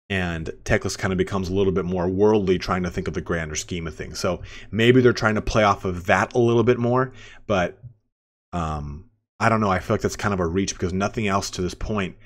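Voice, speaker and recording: A man giving casual, rambling game commentary, full of fillers and restarts. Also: low-pitched. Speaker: gaming commentator.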